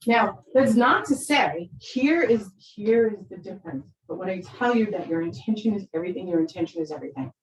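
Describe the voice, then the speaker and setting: Animated woman telling stories in a roomy hall. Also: mid-range voice, a little fast, hardly any pauses, slight background noise. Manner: animated, acts out quoted voices. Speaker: parenting speaker. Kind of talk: storytelling talk to an audience. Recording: roomy sound from far off the mic.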